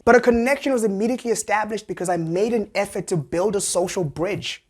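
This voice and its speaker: A young man hosting a satirical comedy show, delivering a wry, animated monologue. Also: high voice, quick pace, hardly any pauses. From South Africa. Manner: wry, animated, jumps into voices.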